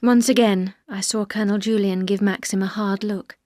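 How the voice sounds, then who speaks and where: Woman narrator, clear even reading, dry close studio sound, audiobook. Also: medium pitch, moderate pace, no echo. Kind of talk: scripted audiobook narration for learners.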